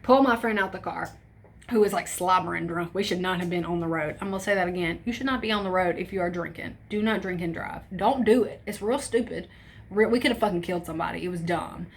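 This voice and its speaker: A young woman telling a story in a casual vlog, animated and profane, acting out quotes with shifts in voice. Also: fairly low pitch, fast, creaky. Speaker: storytime vlogger.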